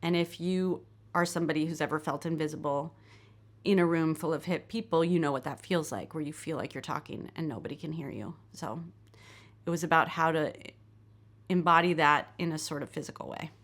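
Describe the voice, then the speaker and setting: American woman, filmmaker lecture, candid, self-deprecating, lowish voice. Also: fairly quick. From United States. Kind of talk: lecture, reading from her screenplay.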